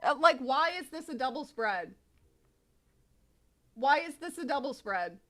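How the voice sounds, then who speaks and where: High, lively woman streaming. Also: unhurried. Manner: chatty, animated, swears freely, reads aloud with asides. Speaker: streamer reading manga aloud. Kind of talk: casual live-stream commentary.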